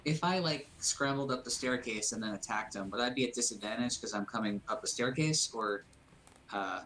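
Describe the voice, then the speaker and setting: A man's voice: medium pitch, brisk, fairly bright tone, low-quality recording. A man playing a tabletop game who asks eager questions with small hesitations. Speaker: player. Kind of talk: casual tabletop play.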